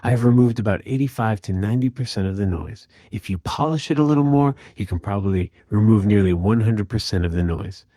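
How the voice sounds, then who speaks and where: A man calmly and methodically walking through an audio repair tutorial in voice-over. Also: lowish voice, fairly quick, hardly any pauses, no echo, clean studio sound. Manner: calm, methodical explaining. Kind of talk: screen-recorded software tutorial.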